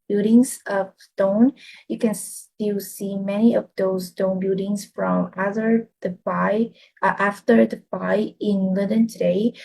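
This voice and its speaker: Halting husky woman reading aloud. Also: mid-range voice, warm tone, poor audio. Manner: halting, stumbles over words. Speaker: student. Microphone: video call.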